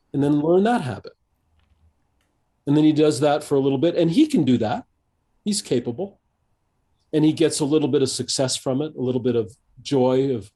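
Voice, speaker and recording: A man in his fifties, a coach being interviewed on a podcast, speaking thoughtfully and haltingly with many restarts and fillers. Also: a little high, expressive, mellow. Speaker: executive coach, guest.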